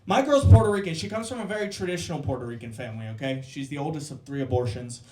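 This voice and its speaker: A man's voice: fairly high pitch, expressive, darkish tone. A man doing a crude, brash stand-up set with crowd work on a club stage. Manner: brash, crude, quick jokes. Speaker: stand-up comedian. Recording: roomy club sound.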